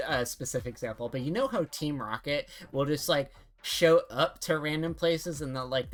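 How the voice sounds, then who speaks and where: A young adult woman streamer chatting casually, rambling and halting with many restarts and the odd swear. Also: low voice, a bit bright.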